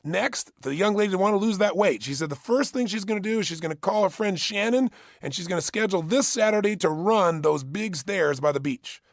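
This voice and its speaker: A man with a high, rough-edged voice gives a motivational workshop talk, punchy and insistent, hammering his points home by repeating key phrases. He's animated and a little fast, with few pauses. The sound is close and dry, without any room echo.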